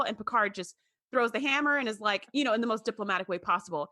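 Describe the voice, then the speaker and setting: A woman's voice: a little high, fast talker, bright, forceful tone, dry recording, clean studio sound. A woman co-hosting a podcast in casual chat, retelling scenes and acting out the lines in quoted voices. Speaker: podcast co-host.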